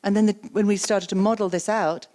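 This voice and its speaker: A woman gives an interactive keynote talk on coaching. She repeats the audience's words back to them and asks quick follow-up questions. Her delivery is conversational and lively. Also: mid-range voice. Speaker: keynote speaker and coaching trainer. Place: conference stage.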